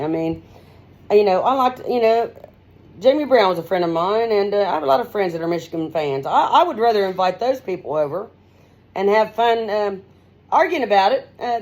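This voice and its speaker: A middle-aged woman radio host giving a rambling, folksy straight-talk monologue, her pitch swinging up and down as she talks. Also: animated, brisk, darkish tone.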